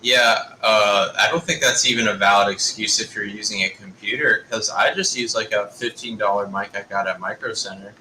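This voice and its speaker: A man's voice: fairly low pitch, fairly even intonation, brisk, hardly any pauses, bright, forceful tone. A man joining a voice chat, mostly giving short, agreeable replies. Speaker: guest in voice chat. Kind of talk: casual voice chat. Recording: echoey room, faint noise.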